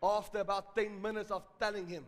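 A South African man preaching a sermon, telling stories and building to loud, emphatic exhortation. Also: high-pitched, flat delivery, fairly quick, big-room sound.

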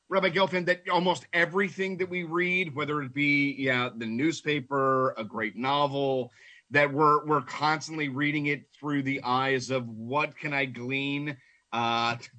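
A man with a bright, forceful voice hosts a podcast conversation. He poses earnest questions, stumbling a little as he starts them. His pitch sits in a middle range for a man. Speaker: podcast host. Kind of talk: interview questions.

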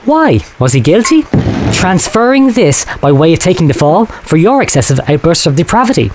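A smooth, menacing doctor, played by a man speaks in insinuating tones. His pitch swoops widely for effect. A faint hiss lies behind this comic audio drama. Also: very animated, moderate pace. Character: sinister manipulative male doctor.

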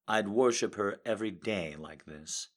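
A man reading a romance story aloud in a soft, intimate way, hesitant and full of fillers when he speaks off script. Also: lowish voice, moderate pace. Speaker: reader of fiction.

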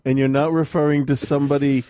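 A man's voice: fairly high pitch, flat delivery, fast talker, warm tone, dry recording. A man in casual chat, cutting in with dry, teasing remarks while listening to a story.

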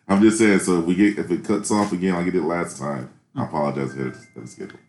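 A man on a podcast call, chatting quickly and apologetically. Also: sits low, steady tone, background noise. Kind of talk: casual chat. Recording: roomy remote audio with faint ambience.

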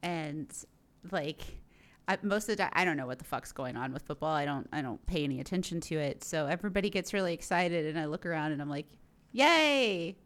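A woman's voice: low voice, fast. A woman from the United States co-hosting a podcast in casual chat, wry and chatty with casual swearing. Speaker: podcast co-host.

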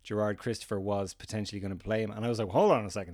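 A man's voice: fairly low pitch, fairly even intonation, racing, darkish tone, no echo, clean studio sound. A man chatting casually on a podcast, recalling old fan websites with enthusiasm.

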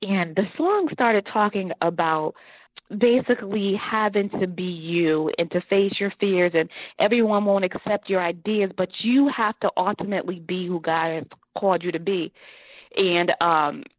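A woman guest telling her life story in an interview, earnest and animated, often laughing. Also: on the low side, normal speed, dry recording. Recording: tinny phone line.

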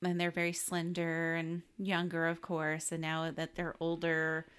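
A woman's voice: low voice, monotone, unhurried, fairly bright tone, clear, resonant tone. A woman co-hosting a casual movie podcast, giggly and teasing her partner. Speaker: podcast co-host.

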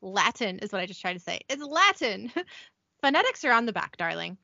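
A woman's voice: mid-range voice, sing-song, moderate pace, creaky, pushed and bright, dry recording, highs cut off, exaggerated voice. Woman reading as a flippant scheming witch. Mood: sly.

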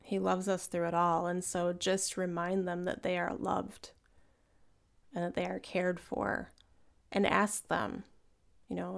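A woman's voice: on the low side, flat delivery, unhurried, creaky, long pauses. A woman co-hosting a faith-based conversation, talking in an earnest, reflective way.

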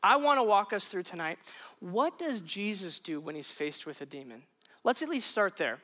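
A man preaching a sermon to a congregation, conversational and animated, breaking into emphatic punchlines. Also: sits high, normal speed. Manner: conversational, self-questioning asides. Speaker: pastor.

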